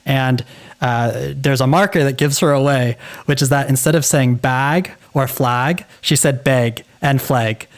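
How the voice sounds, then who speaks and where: A man's voice: medium pitch, unhurried. An American man co-hosting a linguistics podcast, chatting enthusiastically and agreeably, often repeating words as he starts a thought. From United States. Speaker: podcast co-host. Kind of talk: casual conversational discussion.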